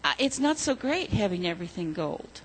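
A woman's voice: fairly low pitch, big pitch swings, fairly quick, breathy edge, voice pushed down. A woman voicing a greedy king in a storybook tale told to children, in her own voice.

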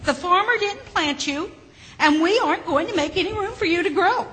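A woman voicing a group of angry, selfish garden vegetables, speaking loudly and slowly in a scolding tone. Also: high-pitched, animated, pitched above the performer's own voice. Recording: hall with faint background noise.

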